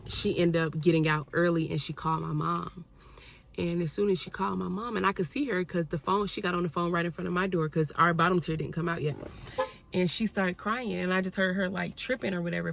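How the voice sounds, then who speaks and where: A woman's voice: lowish voice, vocal fry, fairly bright tone. A young woman telling a personal story to her viewers in a candid, conversational way, often speaking to them directly as y'all. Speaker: vlogger.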